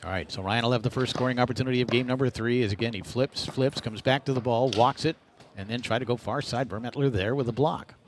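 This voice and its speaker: Guy doing play-by-play on a foosball match, quick shot-by-shot calls, mid pitch, a faint hiss behind. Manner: rapid, energetic shot-by-shot calling. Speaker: play-by-play commentator. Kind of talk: live sports commentary.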